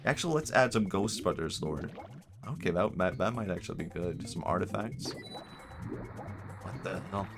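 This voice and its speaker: A man with a low voice chats casually while he plays, rambling and joking as he thinks out loud. Game music plays clearly underneath his talk. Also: expressive, moderate pace, long pauses. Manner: rambling, jokey, thinks aloud. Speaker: streamer. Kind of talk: casual gameplay commentary.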